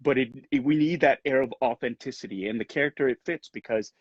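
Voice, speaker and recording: A man's voice: medium pitch, quick pace, husky, no room sound, muffled recording. A man from Canada, an actor being interviewed over a video call on a headset, speaking earnestly and thoughtfully, often restarting his sentences.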